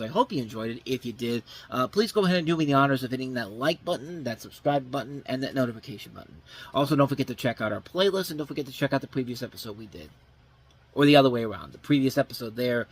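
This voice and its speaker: A man's voice: medium pitch, husky. Guy doing a casual movie review, blunt and snarky, swears a lot, keeps correcting himself. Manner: blunt, sarcastic, swears freely; rambling with frequent self-corrections. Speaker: film review show host.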